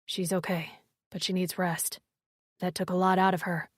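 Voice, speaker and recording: A woman voicing a gruff, protective male warrior who speaks in a low, clipped growl. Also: little pitch movement, moderate pace, dry recording, studio quality, close to an everyday voice. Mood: curt.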